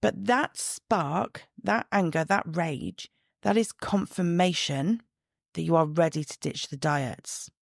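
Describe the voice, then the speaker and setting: Female podcast host, chatty and direct, lowish voice with fry, dry home recording. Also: slow pace, dry recording. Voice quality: chatty, direct, laughs at herself. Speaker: podcast host and body image coach. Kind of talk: casual solo podcast talk. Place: sitting at home, room lights only. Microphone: own podcast mic.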